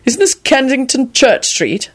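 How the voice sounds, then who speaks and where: A woman's voice: high-pitched, very animated, measured pace, breathy edge, voice pushed up, heavily acted. A woman voicing a nosy, demanding man in a read-aloud story. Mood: curious. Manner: demanding, pushy. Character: nosy, hot-tempered man, smirking.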